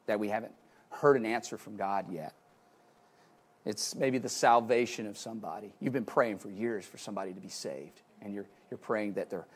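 Male pastor, mid-pitch, sermon delivery with big swings in volume, repetitive restarts. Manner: swings from loud exclaiming to soft hushed tones; repeats words and restarts phrases.

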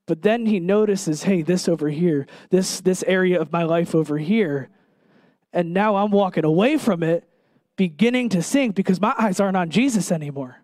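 High-voiced man preaching a sermon. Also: darkish tone, no echo. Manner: earnest, emphatic preaching with pauses and direct questions to listeners.

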